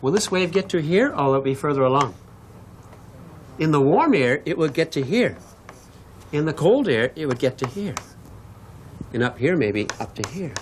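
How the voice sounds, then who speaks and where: His voice runs fairly high and at normal speed, with slight background noise behind it. He's a Massachusetts man teaching physics, sketching on the board while telling stories and talking with the class. The lecture includes a demonstration, and he acts out shouted dialogue and asks the room questions.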